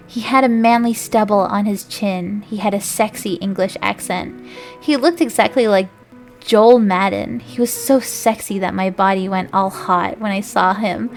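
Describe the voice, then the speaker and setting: A young woman streamer reading a story aloud for laughs, breaking off with asides and stumbling over names. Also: medium pitch. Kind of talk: comedic dramatic reading aloud.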